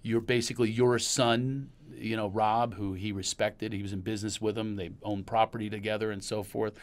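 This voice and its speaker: A middle-aged man from Pennsylvania with a Pennsylvania accent, hosting a podcast and telling long personal stories in a rambling, animated way. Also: lowish voice, moderate pace. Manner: rambling and storytelling, animated when recalling anecdotes. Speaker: podcast host. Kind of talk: casual chat.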